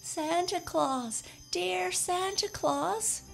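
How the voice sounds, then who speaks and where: Woman voices meek storybook scarecrow, timid and plaintive, gravelly. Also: sits low, animated, measured pace, darkish tone, soft background music, full character voice. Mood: sobbing. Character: meek lonely male scarecrow.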